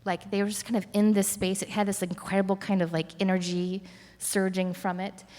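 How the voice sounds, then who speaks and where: A woman speaks in a fairly low voice, telling a story in an unhurried, reflective way, full of fillers and restarts as she gathers her thoughts. Her voice rings out in a hall with a long reverb. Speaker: curator. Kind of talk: conversational interview on stage.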